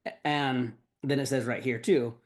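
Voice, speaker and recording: Talking unhurriedly at medium pitch with fairly even intonation, a man hosts a podcast that casually breaks down a song. He rambles, swears and leans heavily on filler words.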